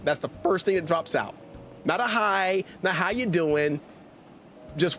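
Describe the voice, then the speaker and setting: A man hosting a gaming livestream, chatting in an energetic, hyper and jokey way, rambling with many restarts. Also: high voice, measured pace, slight background noise. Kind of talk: casual livestream chat.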